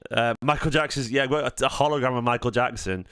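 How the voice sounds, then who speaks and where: A man's voice: mid-range voice, fast talker, fairly bright tone, clean tone, no room sound, studio quality. A man with a Mancunian accent hosting a fan channel live stream, rambling, joking and swearing in casual chat. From Manchester, England.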